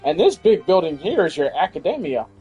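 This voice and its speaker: A man with a Southern US accent voicing a calm young female dojo master, reading her game lines aloud. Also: lowish voice, brisk, breathy edge, highs cut off, faint music behind, heavily acted. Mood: steady. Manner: reads game dialogue aloud in a slightly raised voice.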